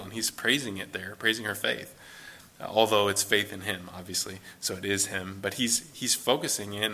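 A man's voice: on the low side, bright, forceful tone. A man teaching a Bible study in a loose, conversational way, thinking aloud as he reads and explains passages.

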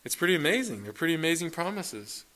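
Bright-voiced male preacher. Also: fairly high pitch, fast talker. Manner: earnest, questioning, builds to excited emphasis. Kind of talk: sermon.

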